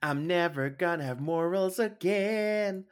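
A man's voice: sits high, unhurried, clear, resonant tone. A young man co-hosting a podcast, trading sassy, campy jabs in casual banter. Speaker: podcast co-host.

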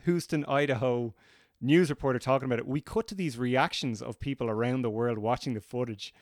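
A man's voice: medium pitch, a little fast, dry recording, studio quality. Man co-hosting a film podcast. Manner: animated and opinionated, leads the segments. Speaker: podcast co-host. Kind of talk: casual film discussion.

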